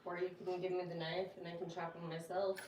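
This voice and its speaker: A woman's voice: on the low side, level tone, fast talker, a little mellow, recorded from a distance, muffled recording, a little hiss or hum. A woman joining a live stream from off camera, dropping dry, teasing remarks in short bursts. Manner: dry, teasing, brief interjections. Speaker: host's partner, co-host. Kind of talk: casual chat. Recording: off-mic, roomy, faint background ambience.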